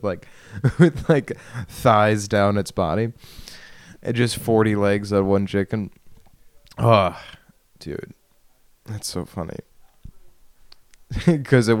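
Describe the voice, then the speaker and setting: Low-voiced man rambling on a solo podcast. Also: clean tone, no room sound. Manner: self-deprecating, laughs often, trails off and restarts. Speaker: podcast host. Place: bedroom. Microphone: studio microphone at a computer.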